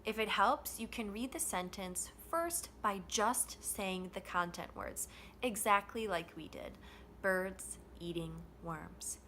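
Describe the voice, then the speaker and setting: Modeling stress and rhythm with slow, deliberate phrasing, a woman leads an English pronunciation lesson. Her mid-range voice is animated and sharp in tone, with a little hiss or hum in the background.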